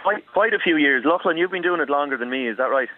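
A man's voice: a little high, animated, quick pace, a little hiss or hum. A man, a voice actor chatting as a guest in a radio interview and telling stories with easy laughs. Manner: chatty, laughs easily, storytelling. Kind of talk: casual radio interview by phone. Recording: tinny phone line, dry.

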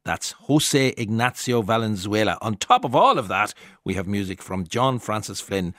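A man hosting a radio arts show, presenting in a relaxed, conversational way. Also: on the low side, moderate pace, no room sound, studio quality. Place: radio studio.

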